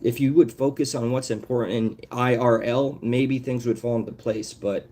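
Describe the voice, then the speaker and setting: A man's voice: medium pitch, fairly even intonation, moderate pace, few pauses, mellow. A man ranting on a live stream, swearing often and calling out viewers by name. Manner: profane, confrontational, calls out viewers by name. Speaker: livestreamer.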